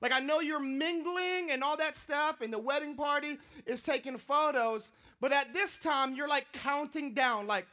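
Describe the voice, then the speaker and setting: A man preaching a sermon, telling a funny personal story in an animated, joking way. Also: very high voice, moderate pace, few pauses. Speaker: pastor.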